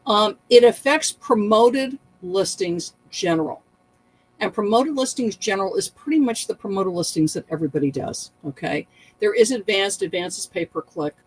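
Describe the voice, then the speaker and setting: A woman hosting an online reselling vlog. She talks to the camera in a casual, animated way, with laughing and exaggerated asides. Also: mid-range voice, poor audio. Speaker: online reselling channel host. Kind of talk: casual talking-head vlog.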